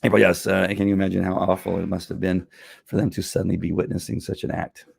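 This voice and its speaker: A man's voice: low-pitched, flat delivery, fast talker, creaky, husky. A middle-aged man, a former police officer, hosting his own show and talking casually in a frustrated, emphatic rant. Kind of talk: casual livestream commentary.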